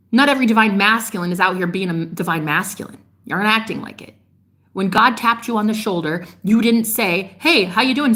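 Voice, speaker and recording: A woman delivering a fiery, preachy monologue straight to her viewers, swearing freely and scolding them, with sharp jumps in pitch on her outbursts. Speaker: spiritual vlogger. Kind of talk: ranting monologue to camera.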